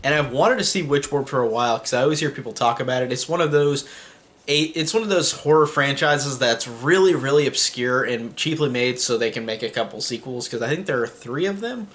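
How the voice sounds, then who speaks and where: A man's voice: medium pitch, animated, a little fast, a bit bright. A young man giving a casual spoken movie review, rambling with many fillers and restarts.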